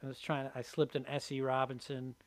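A man in casual chat on a podcast, telling prank-call stories with excited laughs. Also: medium pitch, no room sound. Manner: fast, excited storytelling with laughs. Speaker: podcast guest, prank caller.

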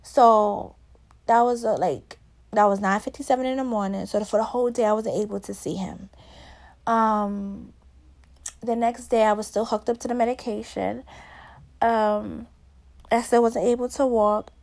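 A woman's voice: on the high side, fairly even intonation, moderate pace, vocal fry, darkish tone. A young woman telling the story of her son's birth in a casual voice message, candid and rambling, with many fillers and restarts, her voice rising when she gets upset.

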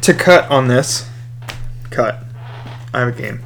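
A man's voice: mid-range voice, expressive, slow, fairly bright tone, slight background noise. A tipsy man co-hosting a casual podcast, joking and swearing. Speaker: podcast co-host. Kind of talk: casual chat.

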